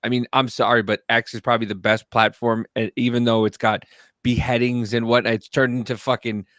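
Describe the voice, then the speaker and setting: A man's voice: medium pitch, flat delivery, a little fast, a bit bright, no echo, clean studio sound. A man hosting a podcast, giving insistent advice in casual chat. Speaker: podcast host.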